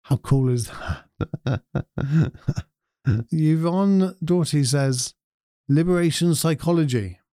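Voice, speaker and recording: A man hosts a relaxed chat, reading viewer comments aloud and pondering each one with an easy chuckle. His voice is mellow and warm. The sound is dry and close, with no room around it. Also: a little high, takes it slowly, pauses often, clean tone, no echo. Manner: reflective, chuckles often.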